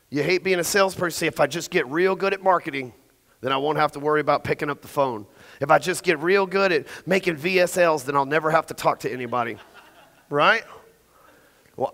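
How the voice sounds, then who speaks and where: A man's voice: fairly high pitch, a bit bright. A middle-aged man giving a blunt, profane sales talk on stage and quizzing the audience. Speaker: conference speaker. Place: large event hall. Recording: long hall reverb.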